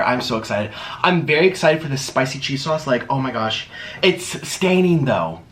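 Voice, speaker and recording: A man hosting a chatty eating vlog at home, talking in a theatrical sing-song way that swings from loud bursts to mumbles. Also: mid-range voice, sing-song, normal speed. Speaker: mukbang host.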